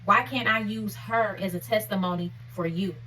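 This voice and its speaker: A woman speaks in an informal, encouraging devotional style, earnest and a little preacherly, her voice at a mid pitch for a woman. She sounds set back from the microphone, picked up by a camera some distance away. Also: steady tone, normal speed, sharp tone, a little hiss or hum. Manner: earnest, preacherly, punctuates points with "okay?"; conversational and informal. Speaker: faith vlogger. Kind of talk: encouraging devotional vlog talk.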